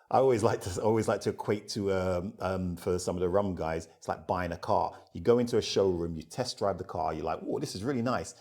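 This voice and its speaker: A middle-aged man with a fairly low voice, chatting as an interview guest. He tells lively stories, acts out bits of dialogue and laughs easily, with a relaxed, conversational flow. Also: a little fast. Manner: animated storyteller who acts out dialogue and laughs often. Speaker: rum ambassador, interview guest.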